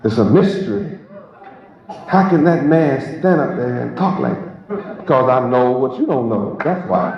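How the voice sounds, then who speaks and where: A man's voice: mid-range voice, lively intonation, unhurried. A man preaching a sermon to a live congregation, emphatic and repetitive, posing rhetorical questions. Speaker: preacher and teacher. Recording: echoey, dull lo-fi recording with crowd.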